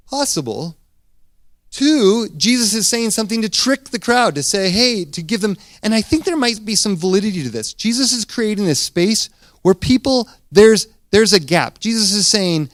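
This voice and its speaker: A man preaching a sermon as pastor, retelling a scripture story in a casual, animated way with frequent restarts. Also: sits high, normal speed, no room sound, clean studio sound.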